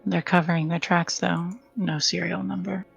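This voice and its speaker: A woman's voice: lowish voice, little pitch movement, normal speed, creaky, slightly rough, muffled recording, soft background music. A woman playing a tabletop role-playing game, asking questions and thinking aloud about clues. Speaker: player. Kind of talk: casual tabletop game chat.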